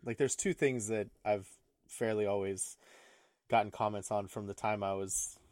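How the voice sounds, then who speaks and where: A young man talks in a loose, joking podcast chat, his voice sitting a little low. He laughs often and stumbles into restarts. The sound is close and dry, with no room around it. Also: fairly even intonation, normal speed, darkish tone, no room sound. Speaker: podcast co-host. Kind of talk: casual chat.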